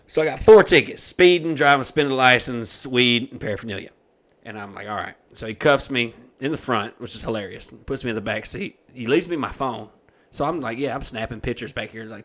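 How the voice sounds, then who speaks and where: On his podcast, a young host spins a long, funny story full of profanity, animatedly voicing the people in it. He talks briskly in a mid-range voice.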